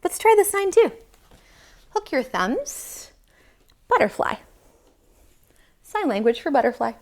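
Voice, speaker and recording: Slow, sing-song woman teaching kids' yoga. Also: high voice, very animated, darkish tone. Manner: slow, sing-song and encouraging, talking to young children. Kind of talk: leading a kids' yoga class.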